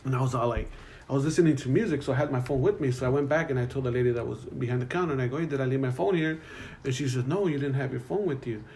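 A young man, telling a profane, animated story as a podcast co-host. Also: medium pitch, rapid-fire, gravelly, slight background noise. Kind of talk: casual storytelling.

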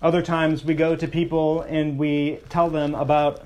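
A man preaching with a slightly higher-pitched voice. He shifts his pace freely, sometimes rushing ahead and sometimes slowing to a hush to stress a point. His delivery is earnest and expressive. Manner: expressive preaching, slows and softens for emphasis. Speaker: pastor. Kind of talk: sermon.

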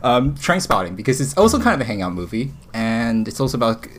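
A male podcast co-host in loose, casual conversation. He gets excited and rambles, tripping over his words and restarting as his thoughts race ahead. His voice sits at an ordinary middle pitch. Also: fast, a little hiss or hum. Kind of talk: casual chat.

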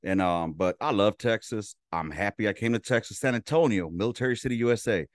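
A man's voice: fairly low pitch, brisk, dry recording, clean studio sound. A man from Los Angeles, a veteran hosting a casual chat, laid-back and profane while telling his stories. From Los Angeles, California. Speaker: podcast host, veteran.

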